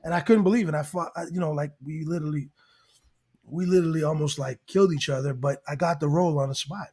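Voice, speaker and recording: Husky guy with a high voice, rambling excited story, acts out the quotes. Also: fast. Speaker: guest rapper and actor. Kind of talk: animated storytelling in casual chat.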